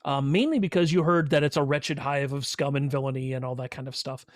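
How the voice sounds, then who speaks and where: A man's voice: medium pitch, brisk, no room sound, clean studio sound. A man narrating a tabletop role-playing game as game master, telling the scene in a rambling way with many fillers. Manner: rambling, filler-heavy storytelling.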